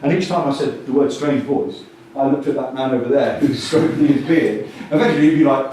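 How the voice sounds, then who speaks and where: A man giving a jokey, animated talk at a coaching conference and acting out quotes in different voices. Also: mid-range voice, moderate pace, crowd noise. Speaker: conference speaker. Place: conference hall with audience. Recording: distant mic in an echoey hall.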